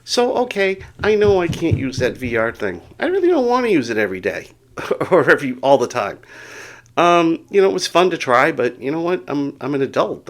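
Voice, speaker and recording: A middle-aged man tells a story on his vlog in an unpolished, rambling way, with frequent chuckles and self-deprecating asides. His voice sits at an everyday mid pitch. He sounds like someone still getting over a spell of dizziness. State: recovering from dizziness. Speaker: vlogger.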